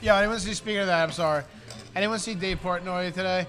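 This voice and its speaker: A man talks fast in a loose podcast chat, throwing in quick jokes. His voice sits a little high. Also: steady tone, a bit bright. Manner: quick wisecracking interjections. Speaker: podcast co-host. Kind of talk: casual chat.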